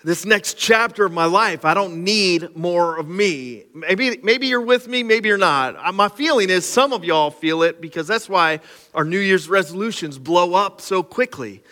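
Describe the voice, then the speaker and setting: A pastor preaches to his congregation in a high-pitched, animated voice at normal speed with a sharp tone, keeping it conversational and self-deprecating with casual asides. The live sermon has long hall reverb and faint music behind it.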